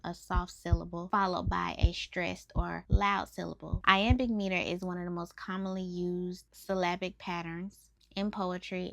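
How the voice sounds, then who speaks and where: Enthusiastic teacherly woman, gravelly voice. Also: lowish voice, a bit bright, no room sound. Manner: enthusiastic, teacherly, explains step by step. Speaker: host breaking down rap lyrics. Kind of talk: explanatory video lesson.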